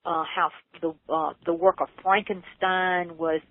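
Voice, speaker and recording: A woman earnestly telling a personal story in an interview, her voice leaping high when she gets excited. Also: unhurried, no echo. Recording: tinny phone line, dry.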